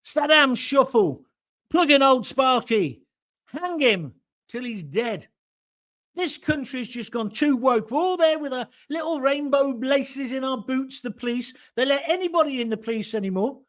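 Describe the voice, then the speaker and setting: A man's voice: very high voice, animated, measured pace, a bit bright. An older man, hosting a live reaction show from his home and ranting bluntly, with plenty of swearing. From England. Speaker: host.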